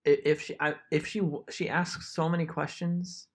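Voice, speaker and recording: A man's voice: a little high, little pitch movement, normal speed. A young man co-hosting a podcast, telling rambling stories in casual chat and laughing often. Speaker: podcast co-host.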